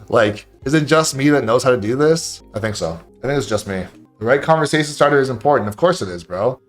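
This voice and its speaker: Man, rapid-fire delivery, blunt and profane, casual streamer rant, soft music playing behind. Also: mid-range voice, expressive. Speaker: livestreamer and game coach.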